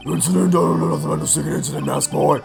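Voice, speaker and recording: A man voicing a brash, loud male loan-shark thug with a Brooklyn accent. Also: a little high, very fast, over music, pitched above the performer's own voice. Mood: gruff. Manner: brash, shouting, gruff.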